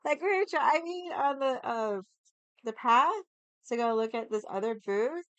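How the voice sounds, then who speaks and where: A young woman livestreaming in casual chat, hoarse from yelling and rambling with lots of "like". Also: on the high side, animated, unhurried, no echo. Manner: rambling, heavy use of "like".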